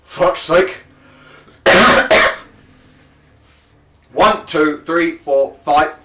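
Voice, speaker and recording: A man voicing a furious, foul-mouthed guard captain who barks clipped orders and shouts at his men. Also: on the high side, very slow, roomy sound, voice pushed up, heavily acted.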